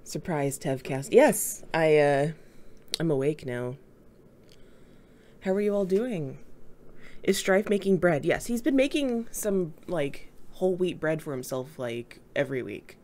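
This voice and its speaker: A woman's voice: deep voice, lively intonation, unhurried, darkish tone. A woman covering a live stream and reading the chat, drowsy and playful in her banter.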